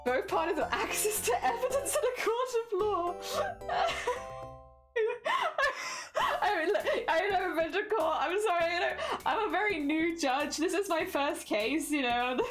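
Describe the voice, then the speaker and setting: A woman's voice: a little slow, over music. A woman putting on the voice of a nervous, brand-new judge on her first case, giggling and unsure of herself. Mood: flustered. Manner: giggly, unsure, high and breathless.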